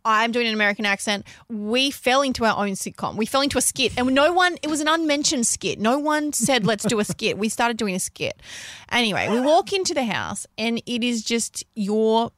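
An Australian woman in her thirties, hosting radio banter and spinning a story with lots of energy. Her voice sits fairly high and jumps up and down a lot. The studio sound is dry and close. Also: dry recording. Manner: animated storytelling, quick to laugh. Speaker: radio host. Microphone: studio mic.

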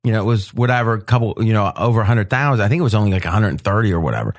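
Animated male podcast host, lively pitch. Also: very fast. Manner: animated, laughing storyteller. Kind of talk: casual roundtable talk.

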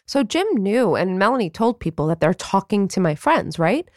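A woman's voice: medium pitch, sing-song, normal speed, no room sound, clean studio sound. A woman hosting a podcast, earnest and opinionated, often restarting her sentences. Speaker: podcast host. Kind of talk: conversational podcast discussion.

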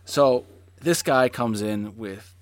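A man in his forties telling a story in casual chat, animated, with lots of fillers and swearing. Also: mid-range voice, slow, no echo, studio quality.

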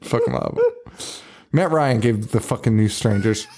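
A man's voice: on the low side, normal speed. A man hosting a podcast, chatting casually about a movie, swearing freely and laughing often. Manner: profane, excitable, laughs often. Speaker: podcast host.

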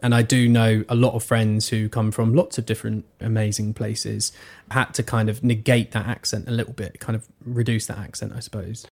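A man's voice: fairly low pitch, flat delivery, brisk, vocal fry, hardly any pauses, darkish tone. A man from Suffolk, England, a podcast guest, talking in a thoughtful, rambling way with many restarts. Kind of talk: casual conversation.

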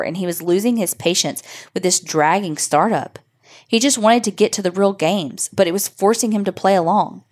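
A woman hosting a podcast, reading a listener's horror story in steady, measured narration. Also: fairly low pitch.

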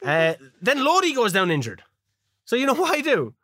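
A man co-hosting a casual chat show, swearing freely and laughing often as he tells animated stories. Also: very high-pitched, moderate pace, no echo, studio quality. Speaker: podcast co-host.

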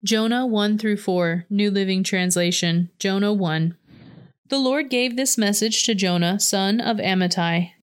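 A woman reading a Bible passage aloud in a steady, measured way. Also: mid-range voice, clear, resonant tone. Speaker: scripture reader.

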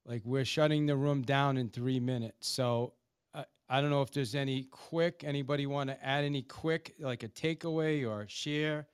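A man moderating an online audio room, brisk and practical as he wraps up. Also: medium pitch, steady tone, clear, resonant tone, no echo, studio quality.

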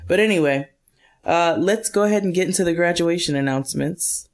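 A woman's voice: lowish voice, fairly quick. A woman co-hosting a podcast in casual chat, upbeat and laughing as she reads listener messages aloud. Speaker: podcast co-host.

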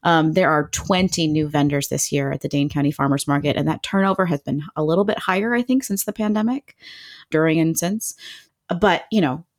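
A woman's voice: low voice, a little fast. A woman, chatting enthusiastically as a guest about local food, with plenty of fillers. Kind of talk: casual chat.

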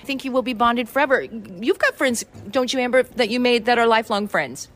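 Encouraging woman interviewer, higher voice. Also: brisk, fairly bright tone. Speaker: interviewer on location. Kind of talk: friendly interview questions.

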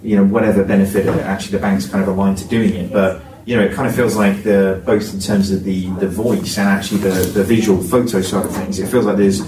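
A man rattles through his points at a quick clip, stacking fillers and restarts as he co-hosts a casual panel chat. His low voice sits back from the mic in an echoey room. A faint hiss runs underneath. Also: little pitch movement, distant mic. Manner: rambling, filler-heavy, self-deprecating. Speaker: podcast co-host.

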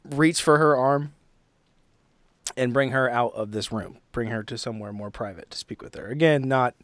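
A man's voice: mid-range voice, moderate pace, a bit bright, no room sound. A man playing a tabletop role-playing game, thinking aloud about his character with hesitant restarts. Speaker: player. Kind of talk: tabletop role-play, casual.

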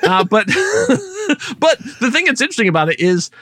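A man in his forties co-hosts a casual podcast, with a voice that sits high and leaps around as he retells scenes. He acts out his own reactions as he goes. The sound is dry and close. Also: huge pitch swings, normal speed, fairly bright tone, no room sound. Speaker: podcast co-host. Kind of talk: casual chat.

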